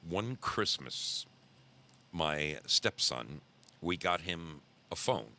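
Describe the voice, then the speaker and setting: A middle-aged man hosting a podcast, telling a story casually in a low voice, rambling and repeating himself for emphasis. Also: lively intonation, very slow, vocal fry, bright, forceful tone. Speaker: podcast host.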